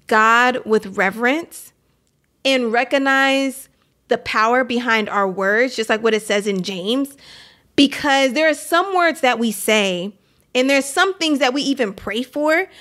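High-voiced woman in her 30s, fired up talking faith to camera, lots of "like", laughs a bunch. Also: a bit bright. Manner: impassioned, laughing, heavy use of "like". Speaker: Christian vlogger. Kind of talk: earnest faith talk to camera.

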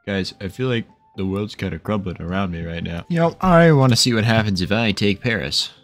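Excitable young man commentating a game. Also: on the low side, soft background music. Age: young adult. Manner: excitable, swearing, quick mood swings. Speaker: gaming video creator. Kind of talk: casual strategy game commentary.

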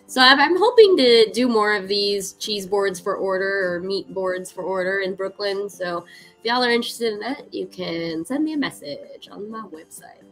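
A woman's voice: medium pitch, normal speed, a bit bright, soft background music, poor audio. A woman hosting a cooking livestream, chatting casually and upbeat with her viewers, laughing often and using lots of "like". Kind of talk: casual chat to stream viewers.

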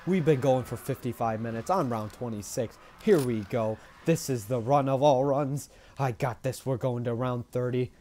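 A young man giving live commentary over his own gameplay, excitable, swearing, rambling and repeating himself as he plays. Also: medium pitch, slight background noise.

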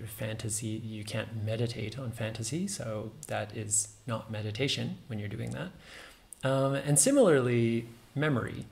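Male host, gravelly voice, casual meditation talk, loose and musing. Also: mid-range voice, moderate pace, a little mellow. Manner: musing, many fillers, self-amused.

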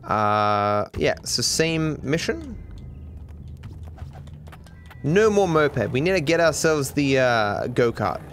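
A man's voice: mid-range voice, very animated, slow pace, long pauses, fairly bright tone, a little hiss or hum. A man with an Australian accent giving joking, sarcastic live commentary while he plays a game, swearing casually. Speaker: streamer.

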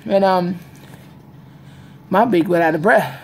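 A woman chatting casually to camera in an animated storytelling style, laughing often. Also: on the low side, slow pace, slightly rough. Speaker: vlogger. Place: home, indoors. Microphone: phone or webcam camera.

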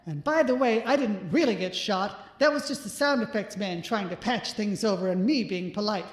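A woman's voice: mid-range voice, normal speed, close to an everyday voice. Woman doing a nagging disembodied voice, chatty, complaining, rambling, roomy echo.

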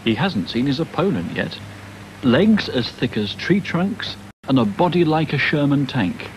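A man's voice: fairly high pitch, very animated, measured pace. A man narrating a documentary in a dry, matter-of-fact scripted delivery. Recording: dull old broadcast voice-over with faint hiss.

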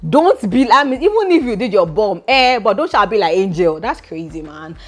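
A woman's voice: mid-range voice, big pitch swings, moderate pace. A Nigerian woman hosting a gossip vlog, chatting animatedly and dropping into pidgin asides. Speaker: gossip vlogger. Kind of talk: casual gossip chat.

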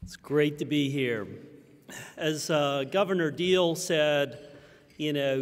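Keynote speaker, man, hoarse from a cold, fairly high voice, big hall reverb. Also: slow pace. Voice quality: deep husky voice. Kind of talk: conference keynote speech. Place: large conference hall. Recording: long reverb of a conference hall.

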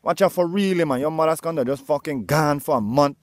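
A man's voice: on the high side, brisk, no room sound. A man in a comedy sketch, talking aggressively and mockingly, swearing a lot.

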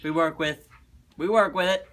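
A man's voice: fairly high pitch, fairly even intonation, moderate pace, a bit bright, a little hiss or hum. A young man guest-hosting a casual chat, joking and teasing while reading questions aloud. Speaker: guest co-host.

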